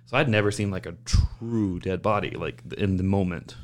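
A man with a fairly low voice tells a story in a loose, conversational way. He gets animated and swears freely, and he slips into other people's lines as he goes. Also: normal speed. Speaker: guest recounting work stories. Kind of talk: casual storytelling.

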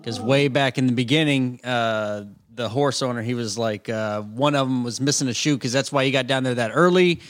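A man's voice: mid-range voice, normal speed, few pauses. Man co-hosting, filling in details. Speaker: podcast co-host. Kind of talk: casual chat.

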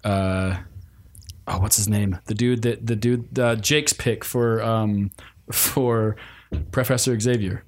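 A man's voice: lowish voice, fairly even intonation, slow pace. A man in a casual group chat, joking and stumbling as he searches for names, with many fillers.

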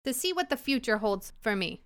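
A woman's voice: on the high side, very animated, a little fast, fairly bright tone. A woman playing a tabletop role-playing game who talks playfully and narrates what her character does. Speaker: player.

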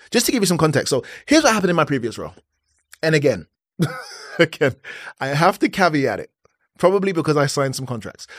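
A man's voice: medium pitch, dry recording, clean studio sound. A man in his thirties hosting a personal podcast, talking candidly and acting out the conversations he recounts. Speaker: podcast host.

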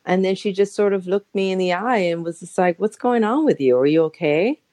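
A woman's voice: medium pitch, a little fast, dark tone, no echo. A woman in her forties, a guest telling an emotional personal story in a chatty way, full of fillers, sometimes acting out quoted voices. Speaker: interview guest. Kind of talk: personal story in a podcast interview. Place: Los Angeles.

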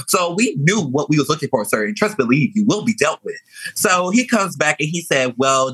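Sassy young man, bright and husky. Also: a little high, no echo, low-quality recording. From New Orleans. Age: young adult. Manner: animated, sassy, expressive. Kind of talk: casual storytelling chat.

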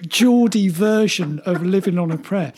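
A man's voice: high-pitched, a little slow, darkish tone, slight background noise. A man in casual chat, telling a rambling anecdote with laughs and restarts as a podcast co-host.

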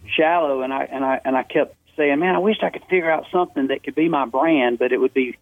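A man's voice: medium pitch, dry recording. Man talking over a tinny phone line. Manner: lively, many quick restarts. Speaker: guest on the phone. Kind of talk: animated storytelling. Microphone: telephone.

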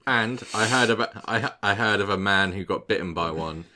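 A man with a mid-pitched, bright voice, chatting on a podcast. He laughs easily and nudges his friends back to the next story. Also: normal speed. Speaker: podcast co-host. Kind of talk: casual banter.

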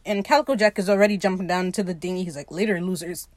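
A woman's voice: lowish voice, no echo. A woman casually recapping a TV episode, swearing freely and briefly acting out the characters' lines. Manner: animated, swears freely, acts out quotes in quick voices. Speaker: recap podcaster.

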